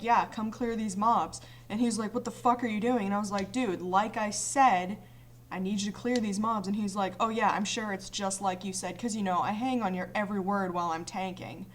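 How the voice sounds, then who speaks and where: A woman's voice: mid-range voice, steady tone, a little fast. A young woman ranting casually about an online game, exasperated and swearing freely as she retells what others said. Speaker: vlogger.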